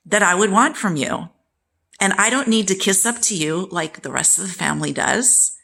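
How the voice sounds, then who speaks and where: Slow gravelly woman in her sixties. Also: medium pitch, fairly bright tone. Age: 60s. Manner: candid and emphatic, acting out quoted relatives. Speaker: vlogger. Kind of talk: personal storytelling to camera.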